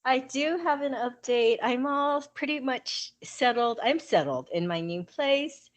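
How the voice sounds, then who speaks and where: A woman in her fifties co-hosting a podcast, easygoing and quick to laugh. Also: high voice, expressive. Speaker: podcast co-host. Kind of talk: casual chat.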